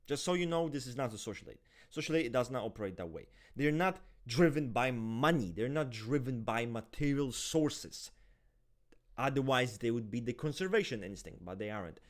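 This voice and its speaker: Foul-mouthed ranting man, mid-pitched voice. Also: moderate pace. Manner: profane, ranting and animated. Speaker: typology show host. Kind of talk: casual unscripted chat with viewers.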